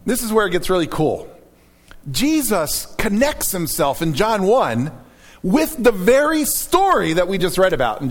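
A man preaching a sermon to his church, reading scripture aloud in a dramatic, animated way. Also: high-pitched, long reverb tail. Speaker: pastor.

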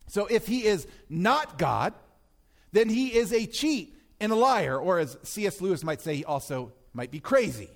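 Emphatic male preacher, high lively voice. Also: moderate pace. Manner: emphatic, rising to a near-shout on key points. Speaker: pastor. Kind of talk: sermon.

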